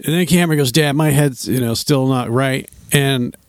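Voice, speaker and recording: A man's voice: medium pitch, moderate pace, no room sound. A middle-aged man casually telling a hiking story, acting out other people's voices as he goes. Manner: animated, acts out quoted voices. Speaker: storyteller recounting a hike.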